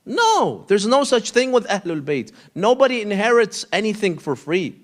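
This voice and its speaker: Lively, animated male preacher. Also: high voice, moderate pace. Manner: animated storyteller, acts out dialogue in quoted voices. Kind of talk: storytelling sermon. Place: mosque hall.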